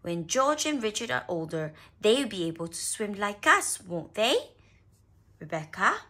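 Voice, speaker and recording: A proud, bossy little girl pig from a children's storybook, as a woman reads her part. She speaks loudly and slowly, sure of herself. Her voice rises and falls in lively sweeps. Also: mid-range voice, pitched above the performer's own voice, full character voice.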